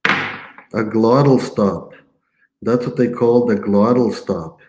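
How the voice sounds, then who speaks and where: A man teaching a live language lesson, patiently repeating words slowly for learners, with playful teasing asides. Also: lowish voice, noisy background. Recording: echoey room.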